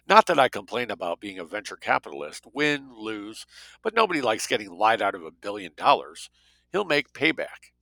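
Give me a sardonic financier man, bright and gravelly, read by a male narrator. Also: on the low side, very animated, moderate pace, no room sound, heavily acted, poor audio. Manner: blunt, sardonic. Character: wary rich male financier, blunt.

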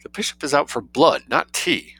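A man voicing a suave, mischievous young man who spins outrageous tales with cool calm. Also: on the high side, normal speed, creaky, husky, no echo, voice pushed up, exaggerated voice. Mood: sly, unruffled.

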